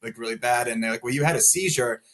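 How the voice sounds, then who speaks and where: A young man in his late twenties sits as a podcast guest and tells his story casually at a mid pitch. He rambles, fills his sentences with "like", and laughs briefly even at grim turns. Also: quick pace. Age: 20s. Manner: rambling, many filler "like"s, laughs through dark moments.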